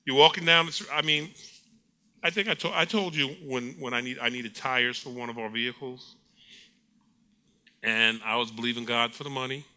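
This middle-aged pastor preaches a sermon in a medium-pitched voice, moderately paced and broken by frequent pauses. He's an animated storyteller who acts out quotes and laughs often.

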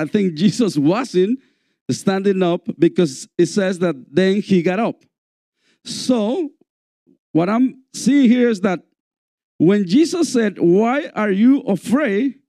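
Slow, high-voiced preaching man. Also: dark tone, no room sound, clean studio sound. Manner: slow, repetitive preaching with call-and-response. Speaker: pastor. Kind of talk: sermon. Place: church.

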